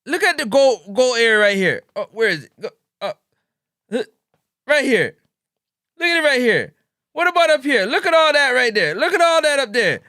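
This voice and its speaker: A Jamaican man hosts a loose football talk stream with a very high, swooping voice. He drags out his words and fills gaps with playful shout-outs and beatboxed "boops". His voice is dry and close to the mic. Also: very animated, normal speed, no room sound. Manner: playful, gives hype shout-outs and beatbox "boop" sounds. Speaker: sports talk show host. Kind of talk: casual livestream football commentary. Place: indoors in a building overlooking a stadium.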